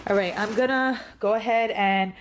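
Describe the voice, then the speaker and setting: A woman's voice: mid-range voice, moderate pace. A young adult woman vlogging casually at home, chatty and easygoing as she talks to herself. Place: home, indoors.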